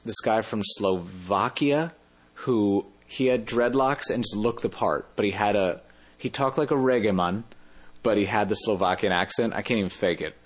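A man's voice: on the low side, moderate pace. A man telling a travel story in a casual interview, rambling and often correcting himself mid-sentence. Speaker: interview guest.

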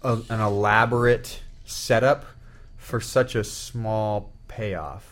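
A man co-hosting a casual podcast, teasing the others in lively banter. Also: fairly low pitch, takes it slowly. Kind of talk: casual group chat.

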